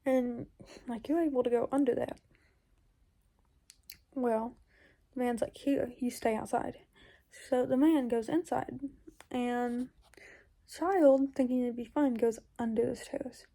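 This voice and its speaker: A woman's voice: on the high side, slow pace, long pauses, warm tone. A woman recounting a dream in casual, rambling storytelling, full of fillers and sometimes dropping into whispers. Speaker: YouTuber.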